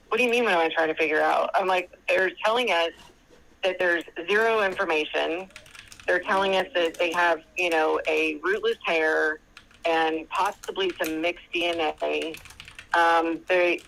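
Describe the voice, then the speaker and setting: A woman's voice: fairly low pitch, creaky, a bit bright, slight background noise, rough recording. A woman calling in to a show by phone, chatting and retelling a long conversation as she quotes others at length. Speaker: caller. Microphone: phone call.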